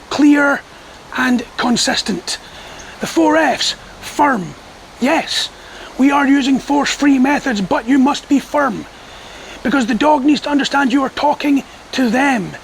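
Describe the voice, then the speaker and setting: A man who trains dogs, explaining training methods to the camera in a calm, measured, firm way. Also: extremely high pitch, gravelly, slight background noise, rough recording. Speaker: dog trainer. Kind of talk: instructional talk to camera.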